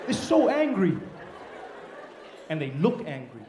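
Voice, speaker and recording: Stand-up comic, man from Africa, high-pitched, animated, does voices, live stage with faint noise. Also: unhurried, crowd noise. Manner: animated, acts out high-pitched characters, bursts into shouting. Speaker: stand-up comedian. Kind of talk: stand-up comedy set. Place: comedy stage before a laughing audience.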